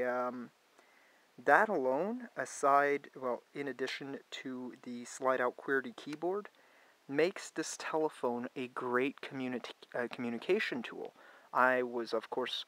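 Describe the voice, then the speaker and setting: A Canadian man with a middle-of-the-road pitch talks through a gadget's settings in an easygoing, unscripted way. He wanders into side remarks and drops the odd dry, sarcastic quip. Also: a bit bright, rough recording. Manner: chatty, digressive, mildly sarcastic asides. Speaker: tech reviewer. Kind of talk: casual product review walkthrough.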